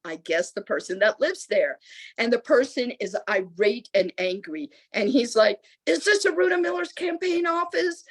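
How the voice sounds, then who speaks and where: A middle-aged woman from the United States, a lieutenant governor speaking as a guest, telling a story with lively acted-out voices. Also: medium pitch. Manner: animated storyteller acting out quoted voices. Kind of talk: storytelling answer at a public talk.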